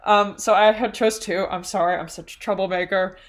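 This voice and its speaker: A woman's voice: medium pitch, fairly even intonation, fairly quick. A woman co-hosting a podcast in casual chat, earnest and hesitant, with many ums and giggles.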